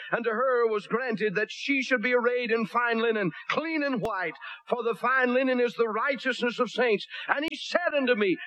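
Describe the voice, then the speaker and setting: Man, pastor, high voice, dry close sound, blunt folksy sermon. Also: bright, forceful tone, no echo. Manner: blunt, folksy preaching with homespun humor; reads scripture aloud in King James wording.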